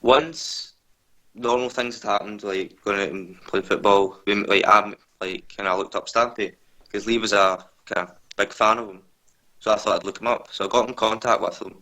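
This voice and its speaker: A man's voice: lowish voice, fairly even intonation, moderate pace, bright, forceful tone, rough recording. A nervous man telling his story as a guest over a video call, hesitant and full of filler words. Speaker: interview guest. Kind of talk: casual storytelling interview.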